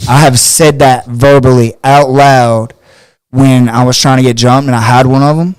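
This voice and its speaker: A man co-hosting a podcast in casual chat, animated, acting out quotes in a raised voice. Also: medium pitch, moderate pace, clear, resonant tone, no room sound. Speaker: podcast co-host.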